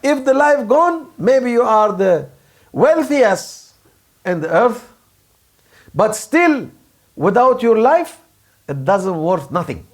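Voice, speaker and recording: A man delivers a sermon in plain, broken English. His voice sits high and swings widely as he acts out angry, proud voices, and he takes his time with each phrase. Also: sing-song, takes it slowly, pauses often. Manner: non-native English, simple broken grammar. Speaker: Sufi preacher.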